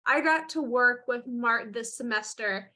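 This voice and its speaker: A woman's voice: a little high, a little slow, pushed and bright. A woman clinician presenting a certificate at a virtual ceremony, praising a child with enthusiastic pride and a few fillers, over a video call.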